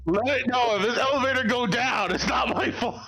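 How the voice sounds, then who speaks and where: A man's voice: very high voice, fairly quick, pushed and bright, faint music behind, low-quality recording. A man playing a tabletop game, joking and laughing with friends in casual chat. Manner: laughing, playful. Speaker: player.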